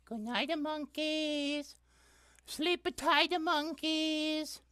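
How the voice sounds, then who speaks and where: A man voicing a gentle female puppet who says goodnight in a slow, soft voice. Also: very high-pitched, fairly even intonation, voice pushed up, exaggerated voice. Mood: soothing.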